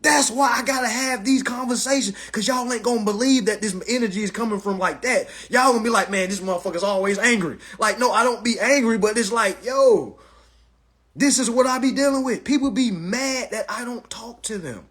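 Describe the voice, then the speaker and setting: A man in his thirties hosting a casual live stream chat in an animated, preachy way, with loud exclamations and muttered asides. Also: very high-pitched, a little fast, slightly rough. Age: 30s.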